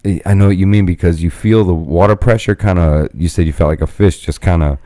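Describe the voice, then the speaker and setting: A man's voice: sits low, brisk, dark tone, no room sound, studio quality. A man co-hosting a casual podcast chat, swearing freely and laughing often. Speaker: podcast co-host.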